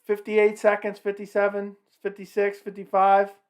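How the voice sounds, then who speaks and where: A man's voice: high-pitched, completely flat delivery, normal speed, clean tone. A man hosting a casual livestream, commenting on a fight and talking with his chat. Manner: chatty, reacting to the fight and the chat. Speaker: livestream host.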